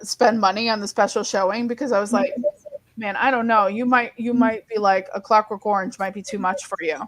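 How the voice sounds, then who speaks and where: A woman co-hosting a casual online comic book hangout, telling stories in an animated way with many restarts. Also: medium pitch. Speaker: co-host. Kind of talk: casual chat.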